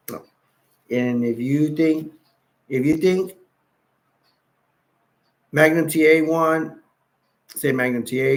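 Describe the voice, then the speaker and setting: A man hosting a casual livestream chat, rambling and restarting his phrases as he goes. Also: medium pitch. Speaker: livestream host.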